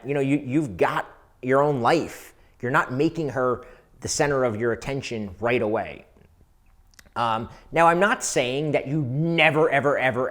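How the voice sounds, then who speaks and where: A man speaking as a dating coach, giving casual, conversational advice to viewers, often repeating words as he goes. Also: medium pitch. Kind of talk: advice monologue.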